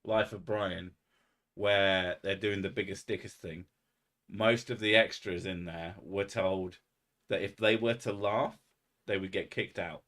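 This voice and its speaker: A man with a lowish voice talks to his live-stream audience in a loose, rambling way. He swears freely and pokes fun at himself as he drifts from one thought to the next. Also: fairly even intonation, a little slow, fairly bright tone. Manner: rambling, sweary and self-mocking. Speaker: streamer hosting a live chat. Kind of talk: casual live-stream chat.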